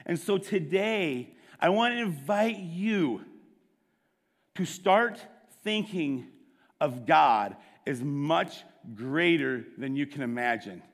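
A man preaching a sermon, telling a story with quick bursts and dramatic hushes. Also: on the high side, animated, in a large hall. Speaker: pastor.

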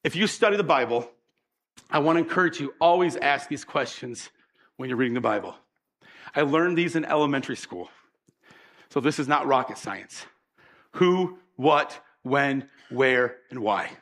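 Here a pastor with a mid-range voice preaches at normal speed, bringing his stories to life by performing the voices within them. His animated delivery draws the congregation in.

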